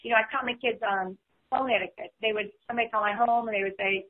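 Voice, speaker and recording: A woman's voice: fairly high pitch, fairly even intonation, quick pace, background noise. A woman in her fifties, a podcast guest speaking in casual chat, full of "you know" fillers. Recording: tinny phone line.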